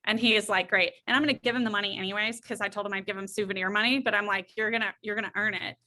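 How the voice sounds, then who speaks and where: A middle-aged woman appearing as a guest counselor tells an anecdote in a lively way, acting out the different voices in it. She has a mid-range voice and talks very fast.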